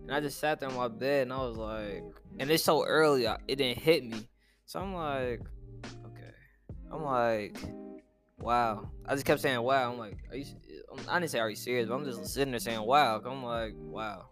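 A young man telling a personal story in a rambling, halting way, full of slang and swearing and often trailing off quietly. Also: medium pitch, over music. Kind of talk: casual storytelling monologue.

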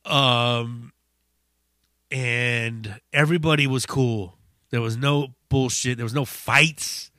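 A man hosting a podcast, telling a story in a casual, profane, animated way. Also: medium pitch, slow pace, no echo, clean studio sound. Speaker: podcast host.

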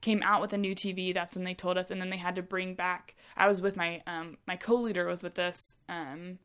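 Chatty young woman, lower voice. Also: a little fast, clear, resonant tone. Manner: chatty, many fillers, animated retelling. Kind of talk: casual chat.

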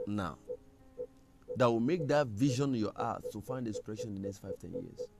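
A man preaching a sermon, emphatic, with a gravelly voice. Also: fairly low pitch, expressive, moderate pace, faint music behind. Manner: emphatic, rising to loud scripture reading.

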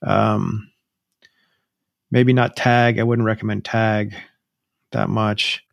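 A man's voice: fairly low pitch, flat delivery, creaky, no room sound. A man co-hosting a podcast in casual chat, rambling with frequent restarts. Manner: rambling, restarts often, drawn-out phrases. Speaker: podcast co-host.

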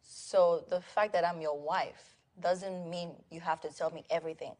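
A woman's voice: lowish voice, fairly even intonation, normal speed, lightly acted. Woman playing an indignant wife. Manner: accusing, sharp. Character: indignant young wife questioning husband. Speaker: wife in a short video drama.

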